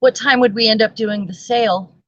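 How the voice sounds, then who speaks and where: A woman's voice: a little high, fairly even intonation, brisk, a bit bright, no room sound. A woman co-hosting a casual livestream, chatting supportively with the host. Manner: supportive, friendly. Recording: dull lo-fi sound, dry, a little husky.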